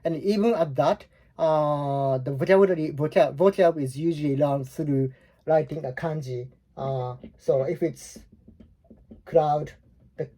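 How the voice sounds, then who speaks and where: Speaking in a slightly high, warm voice, this Japanese-accented man in his forties gives a loose, rambling language lesson. He explains things casually, with frequent fillers and restarts.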